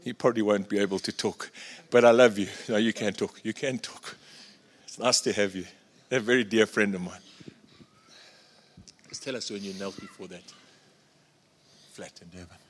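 Passionate preacher in a hall. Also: male voice, lowish voice, fairly even intonation, moderate pace, pauses often. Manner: passionate, swings from loud exclamations to soft asides. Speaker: pastor. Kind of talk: sermon. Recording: long reverb of a large hall.

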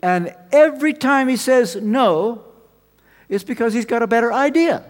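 Male preacher, high voice, animated storytelling sermon, long hall reverb. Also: normal speed. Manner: animated storytelling, swings between loud emphasis and quiet asides.

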